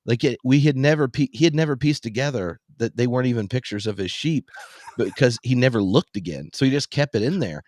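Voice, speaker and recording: A man hosting a podcast in casual chat, telling animated anecdotes. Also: medium pitch, fairly quick. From US South. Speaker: podcast host.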